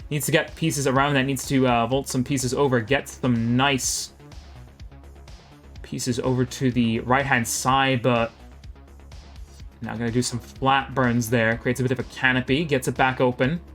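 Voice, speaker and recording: A man giving live play-by-play commentary on a video game match, calling each move quickly and chatting with viewers between plays. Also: medium pitch, level tone, fairly bright tone, soft background music.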